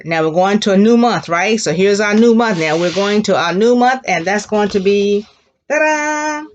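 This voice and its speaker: A woman teaching a recorded Spanish lesson to young children, leading slow repeat-after-me drills and giving sing-song praise. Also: mid-range voice. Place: school classroom.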